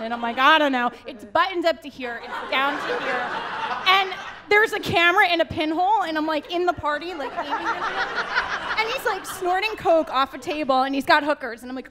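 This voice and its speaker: An American woman with a high voice spins a story on a panel stage, laughing between lines and acting out what others said. Her talk comes over a faint hiss. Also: lively intonation, normal speed. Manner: laughing storyteller, acts out quotes. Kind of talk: animated anecdote at a live panel. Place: auditorium stage.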